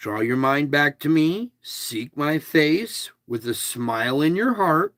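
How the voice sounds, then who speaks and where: Man, devotional host, slow and deliberate, raised pitch, emphatic, chatty asides. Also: lively intonation, fairly bright tone, no echo. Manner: emphatic, stresses single words; casual, chatty. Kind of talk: reading a devotional aloud with asides.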